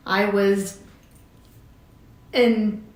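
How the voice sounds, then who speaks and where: A middle-aged woman telling a personal story, halting and emotional, with many fillers and restarts. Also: mid-range voice, flat delivery, echoey room. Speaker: vlogger telling her story.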